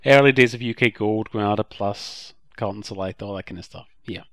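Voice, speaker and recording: A man's voice: on the low side, fairly quick, a bit bright, no room sound. Chatty man co-hosting, dry close sound. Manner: chatty, agreeable, emphatic. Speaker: podcast co-host. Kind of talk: casual podcast discussion.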